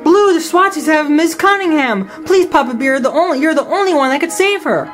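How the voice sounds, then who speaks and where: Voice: high-pitched, fairly quick, pitched above the performer's own voice. A reader voicing a young boy bear cub navigator, urgent and pleading. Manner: pleading, excited. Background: background film-score music.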